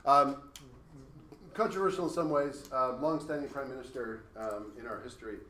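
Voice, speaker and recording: A man's voice: mid-range voice, moderate pace, fairly bright tone. A man teaching a class, talking casually and working through hypothetical examples. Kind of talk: classroom lecture. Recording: echoey classroom with faint noise.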